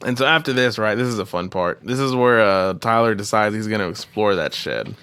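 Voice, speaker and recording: A young man co-hosting a podcast, chatting casually about a movie, animated and swearing freely. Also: on the low side, brisk, clear, resonant tone, dry recording. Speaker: podcast co-host.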